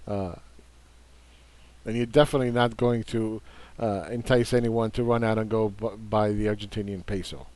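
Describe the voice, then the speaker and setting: A man's voice: on the low side, steady tone, moderate pace, a little mellow, dry recording. Combative man on market commentary. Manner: combative, dismissive, repeats words for emphasis. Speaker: investing commentator.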